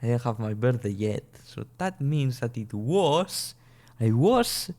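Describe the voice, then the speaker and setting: Young guy, early twenties, from a small European country. Casual home gameplay commentary, rambling, restarting lines, swearing and laughing, medium pitch. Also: expressive, measured pace, darkish tone. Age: early 20s. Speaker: gaming channel host. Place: at home at his computer.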